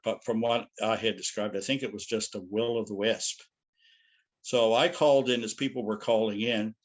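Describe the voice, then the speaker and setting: A middle-aged man telling anecdotes as a guest speaker in a loose, rambling way. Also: lowish voice. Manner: rambling, anecdotal, frequent "you know". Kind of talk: casual storytelling lecture.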